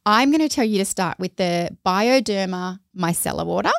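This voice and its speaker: A woman co-hosts a relaxed beauty podcast, chatty and enthusiastic, often slipping into quoted voices. Her voice sits at a middle pitch. The sound is dry and close. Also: moderate pace, vocal fry, no echo. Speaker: podcast co-host. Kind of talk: casual beauty chat.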